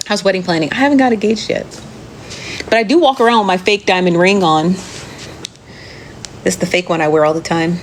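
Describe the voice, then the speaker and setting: A woman's voice: fairly low pitch, slight background noise. A woman hosting a casual live chat, reading viewer comments aloud and answering with chatty, profane, laughing asides. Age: adult. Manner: chatty, profane, laughs often, talks straight to viewers as "friend".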